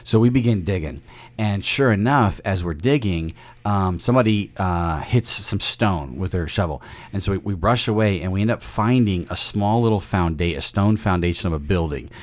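A man hosting a casual faith discussion, explaining step by step with homespun analogies and often restarting his sentences mid-thought. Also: sits low. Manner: frequent self-interrupting restarts.

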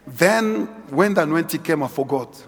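A middle-aged man preaching a sermon as guest preacher in a large church hall, swinging from quiet asides to shouted exhortation. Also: moderate pace, soft background music. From South Africa. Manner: animated, shifts from low asides to shouted exhortation. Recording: husky voice with long church-hall reverb.

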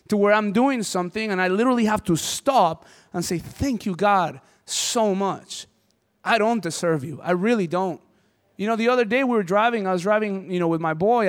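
Man, pastor, sermon, high voice, smooth, hall reverb. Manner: impassioned, conversational preaching.

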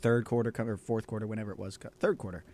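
A man's voice: on the low side, fairly even intonation, very fast, a little mellow, dry recording. A young man co-hosting a college radio sports show, ranting and mocking in a heated debate. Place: radio studio.

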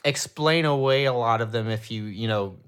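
A young man co-hosting a podcast, chatting casually. He talks with enthusiasm and laughs easily, at an ordinary middle pitch. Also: normal speed, a bit bright, clear, resonant tone. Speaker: podcast co-host. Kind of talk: casual chat.

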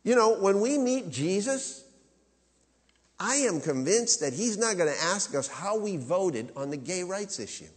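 A man preaching in a church, his fairly high voice carrying a long reverb through the large room. He talks emphatically, climbing to loud, high peaks and then falling to quiet, low asides. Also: very animated, unhurried. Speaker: pastor. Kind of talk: sermon.

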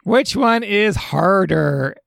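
Host: man, gravelly and husky, animated delivery, joking, dry mic. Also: high voice, slow, no room sound. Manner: joking, laughs often. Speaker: podcast co-host. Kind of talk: casual interview chat.

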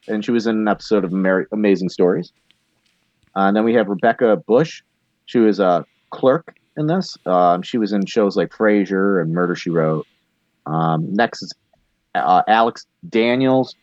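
Laid-back low-voiced man, dull dry mic. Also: a little mellow, no echo. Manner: laid-back, reads cast lists with fillers. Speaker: podcast co-host. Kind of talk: casual chat about films.

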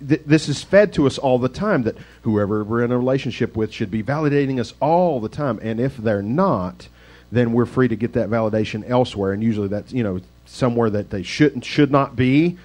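A man's voice: mid-range voice, animated, fairly quick, a little mellow. A male pastor giving a casual, conversational sermon with rambling, self-deprecating asides.

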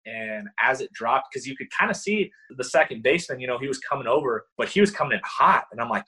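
A young man recounting his playing days as an interview guest, animated and excitable, full of "like" and "you know". His voice is bright and forceful, with a husky edge. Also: medium pitch, quick pace, hardly any pauses, low-quality recording. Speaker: former college baseball player, guest. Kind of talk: casual interview storytelling.

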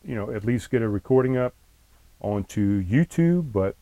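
A man's voice: mid-range voice, lively intonation, moderate pace, warm tone, no echo, dull audio. A man hosting his own podcast from inside a camper trailer, chatting loosely in an irritated, rambling way and cursing often, recorded on a laptop in front of him. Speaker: podcast host. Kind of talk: casual solo podcast chat. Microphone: laptop on a tray in front of him.

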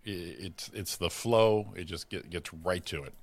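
A man co-hosting a morning show, wisecracking and dropping into quick impressions. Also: deep voice, soft background music. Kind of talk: casual joking banter. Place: studio, on video.

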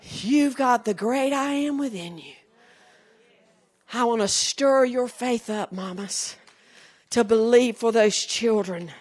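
A woman preacher from the Southern United States giving a sermon, swinging from hushed storytelling to shouted exclamations. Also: a little high, slow, long pauses.

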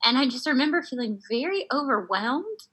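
A woman guest telling a personal story in a casual, animated way, laughing often and using lots of fillers. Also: high-pitched, fairly quick, breathy edge, poor audio. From United States.

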